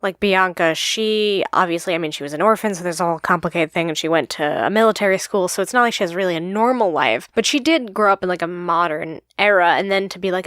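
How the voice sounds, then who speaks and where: A young woman co-hosting a podcast, chatting casually, with lots of filler words and quick bursts. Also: lowish voice, fairly bright tone, no room sound, clean studio sound. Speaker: podcast co-host. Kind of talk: casual chat.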